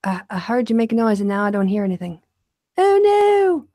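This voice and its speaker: An American woman hosting a casual video call chat, bubbly and quick to laugh as she tells stories. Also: medium pitch, steady tone, darkish tone, dry recording, clean studio sound. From United States. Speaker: host.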